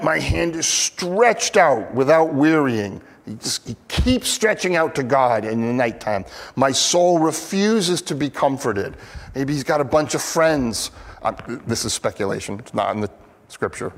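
Male preacher, earnest sermon delivery, slow and deliberate, lively pitch swings. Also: long reverb tail. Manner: earnest, expressive, acts out quoted pleas. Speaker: pastor.

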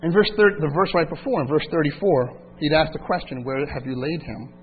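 High-voiced preaching man on tinny line. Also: animated, fairly quick. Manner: swings between loud emphatic passages and quiet reflective asides. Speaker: pastor. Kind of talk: sermon. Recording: tinny phone-like line with faint hum.

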